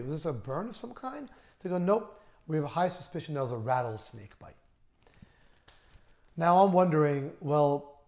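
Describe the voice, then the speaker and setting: A man in his thirties, a plastic surgeon, telling a first-person story in a lively, conversational way and acting out the dialogue. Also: on the high side. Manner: animated, conversational, acts out dialogue.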